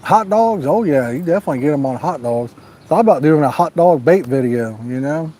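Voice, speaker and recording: A man's voice: on the high side, lively intonation, a little fast, dark tone. A man hosting a live fishing stream outdoors at night, reading out viewer comments in a folksy, joking, laid-back way. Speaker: fishing channel host.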